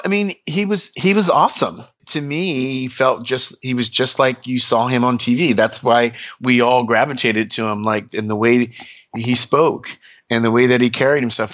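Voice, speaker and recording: A man talks as an interview guest in an easy, animated way. He tells stories full of fillers, and his pitch leaps up often. The recording sounds a little dull. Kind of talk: casual storytelling.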